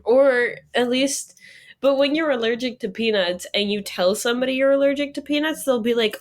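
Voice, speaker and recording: A woman's voice: a little high, brisk. Chatty young woman co-hosting a podcast. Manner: chatty, laughs often, acts out quoted people. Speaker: podcast co-host. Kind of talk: casual chat.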